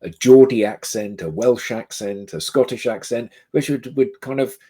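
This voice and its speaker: A man's voice: mid-range voice, moderate pace, warm tone. A man co-hosting a business talk show, chatting in a playful, teasing way. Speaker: co-host. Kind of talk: casual banter.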